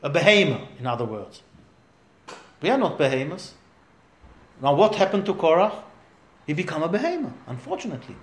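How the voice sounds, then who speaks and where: A man's voice: a little high, sing-song, brisk, long pauses, roomy sound. A man, a rabbi giving a Torah class to a small group, talking emphatically and asking rhetorical questions.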